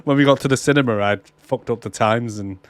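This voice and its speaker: A man's voice: mid-range voice, fast, no room sound. A man co-hosting a film podcast in casual chat, laughing often and swearing. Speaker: podcast co-host.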